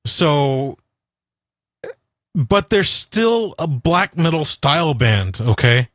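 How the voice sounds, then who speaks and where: A man's voice: a little high, big pitch swings, slow, a bit bright, dry recording. A male radio host, talking casually and bluntly on his own show, rambling, swearing and laughing at himself. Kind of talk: casual solo radio rant and chat.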